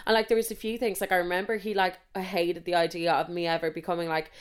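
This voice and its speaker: A young woman tells a story in a casual, unfiltered way. Her voice sits a little low, and she swears freely and mocks herself. She leans on fillers as she talks. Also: little pitch movement, fast. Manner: frank and swearing, self-mocking, many fillers.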